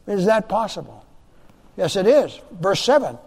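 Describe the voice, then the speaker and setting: A man delivers an emphatic sermon, repeating key phrases and swinging between hushed and loud. His voice sits high for a man. The sound rings with the long reverb of a large sanctuary. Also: very animated, normal speed, slightly rough. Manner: emphatic preaching, repeats phrases, rising and dropping loudness. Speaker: pastor.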